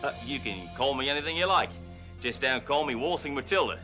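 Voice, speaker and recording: An actor playing a cop who poses as a boastful, brash rich Australian car dealer, with a hammy put-on Australian accent and heavy slang. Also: male voice, medium pitch, brisk, over music, pitched above the performer's own voice, natural voice. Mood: flirty. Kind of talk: 1980s sitcom acting.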